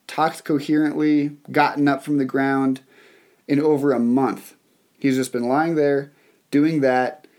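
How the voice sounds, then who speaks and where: A young adult man preaching a sermon, telling a story in an animated way with fillers and restarts. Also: medium pitch. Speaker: pastor.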